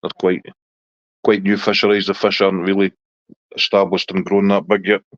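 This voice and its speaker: A Scottish man hosting a casual live chat with viewers in a relaxed, chatty way. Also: moderate pace, no room sound. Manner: relaxed, chatty, talks to his dog in a high baby voice. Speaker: livestream host chatting with viewers. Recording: dull lo-fi dry sound.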